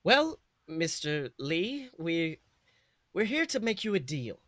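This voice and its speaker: Man playing measured alien emissary, slow formal delivery, bright tone, clean dry sound. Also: a little high, big pitch swings, no echo, full character voice. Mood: composed. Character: calm, measured alien envoy.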